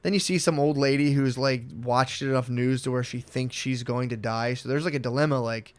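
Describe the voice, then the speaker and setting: Fast-talking rambling profane man. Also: medium pitch, clean tone. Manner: rambling, profane, animated storytelling. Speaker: podcast co-host. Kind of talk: casual podcast chat.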